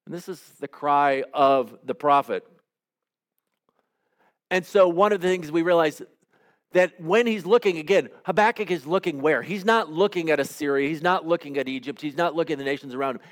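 A man preaching a sermon as pastor, in measured, emphatic phrases. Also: on the high side.

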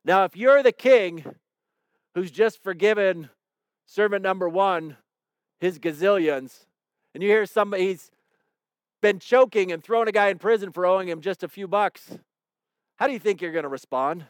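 A man's voice: high voice, moderate pace, pauses often, clear, resonant tone, no room sound, studio quality. A man preaching a sermon in a conversational way, retelling a parable and acting out its quoted lines. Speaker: pastor.

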